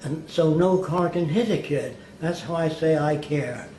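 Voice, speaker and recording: A man's voice: on the high side, a little slow, warm tone. Older man telling long anecdotes. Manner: rambling anecdotal storyteller, acts out quoted people. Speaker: interview guest. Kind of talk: storytelling in an interview. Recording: roomy, faint background hiss.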